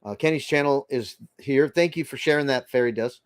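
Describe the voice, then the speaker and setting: A man's voice: mid-range voice, fairly quick, dry recording. Older man chatting on a dry livestream. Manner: rambling, chatty, reads viewer comments aloud. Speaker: livestream host reading chat. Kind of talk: casual livestream chat.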